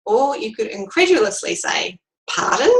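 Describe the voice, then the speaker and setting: A woman coach giving a calm, measured instructional lesson on handling workplace bullies. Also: mid-range voice, vocal fry, low-quality recording. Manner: calm, measured, demonstrates sample replies.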